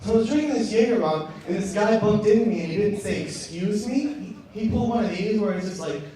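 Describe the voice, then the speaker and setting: A man doing a stand-up routine on a comedy club stage, rambling, repeating himself and bursting into shouted punchlines. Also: high voice, expressive, fast talker, a crowd in the background. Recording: echoey club, distant mic, audience noise.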